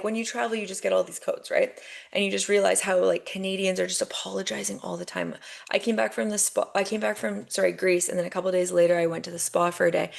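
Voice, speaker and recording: A young woman hosts a podcast, delivering an emphatic motivational monologue at medium pitch with vocal fry. She swears freely and repeats phrases to drive them home.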